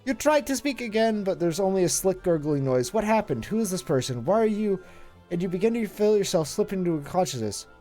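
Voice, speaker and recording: A streamer reading game text aloud on a live stream, in a low dramatic narrating voice with musing asides. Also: very animated, a little fast, dark tone, soft background music.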